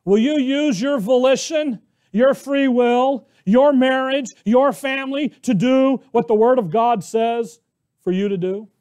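A man's voice: extremely high pitch, measured pace, a little mellow, pitched above the performer's own voice. A man preaching takes the voice of God, speaking as a kind fatherly deity who urges and pleads with earnest encouragement. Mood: pleading.

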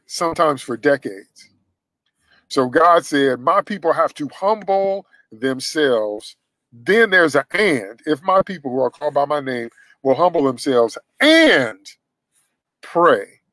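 A man preaching a sermon, emphatic, swinging from loud bursts to hushed lines and acting out the voices he quotes. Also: fairly high pitch, no room sound, poor audio.

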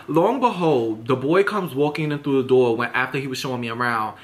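A man's voice: mid-range voice, a little fast, hardly any pauses. A young man with a New York accent telling a storytime vlog in a sassy, dramatic rant, swearing freely and addressing his viewers directly. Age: young adult. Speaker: vlogger.

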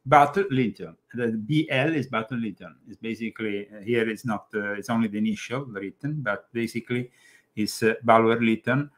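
A man's voice: medium pitch, a little fast. A man with an Italian accent co-hosting a casual talk about an occult book, explaining with many fillers and restarts. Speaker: co-host.

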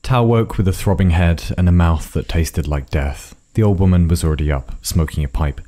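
Deep, dark-voiced male storyteller. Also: soft background music. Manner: measured, dramatic reading. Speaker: narrator. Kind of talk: storytelling narration.

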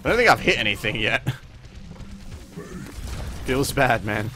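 A young man with a bright, forceful voice gives casual, joking commentary as he plays a team shooter. Faint music runs behind his talk. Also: medium pitch, expressive. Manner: playful, quick reactions, jokey. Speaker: gaming channel host.

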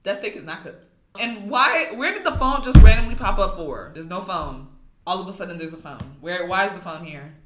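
Lively, sarcastic woman YouTuber. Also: lowish voice, a little fast, heavy background noise. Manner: incredulous, sarcastic, animated. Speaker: YouTube commentator. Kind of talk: casual reaction commentary. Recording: echoey room with music playing.

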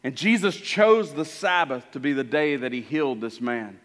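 A man preaching a sermon as pastor, animated and acting out the voices in the story he tells. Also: medium pitch, moderate pace, big-room sound. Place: church sanctuary.

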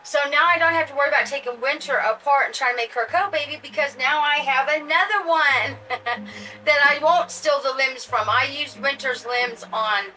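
A woman's voice: high-pitched, moderate pace, sharp tone, distant mic, slight background noise, rough recording. An older woman hosting a casual doll unboxing vlog, gushing and chatty as she talks straight to her viewers. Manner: gushing, chatty, addresses viewers as you guys. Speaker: doll channel host.

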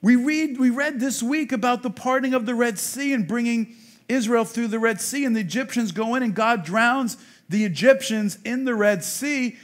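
High-pitched man preaching emphatically. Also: normal speed. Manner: emphatic preaching that swings from soft to loud, with rhetorical questions. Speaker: rabbi. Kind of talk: sermon. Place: congregation meeting room.

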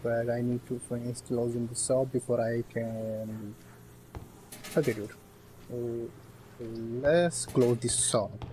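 Guy playing a horror game, rambling, jumpy, loud bursts, music under it. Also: medium pitch, rough recording. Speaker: gaming streamer.

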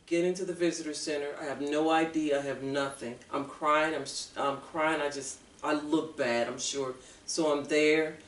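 A woman as an interview guest, telling her personal story in an earnest, halting way with restarts. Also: low voice. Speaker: guest author. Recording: echoey room, mic far off.

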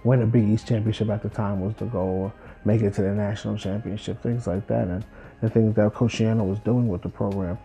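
Gravelly man telling his story. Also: fairly low pitch, brisk, poor audio. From New Jersey. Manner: acts out quoted people with lively voices. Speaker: former college football player. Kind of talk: reflective personal storytelling.

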